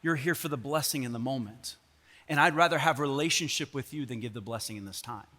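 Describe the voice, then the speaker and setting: A man acting out God speaking patiently to a worshipper, lower and softer than his own preaching voice, in a long reverberant hall. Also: fairly quick. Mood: gentle, patient.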